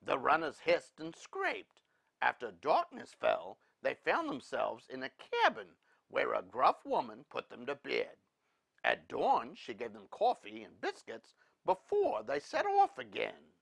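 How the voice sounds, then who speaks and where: A man reading a storybook aloud in an animated, expressive way. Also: mid-range voice, measured pace, gravelly, husky, dry recording, studio quality.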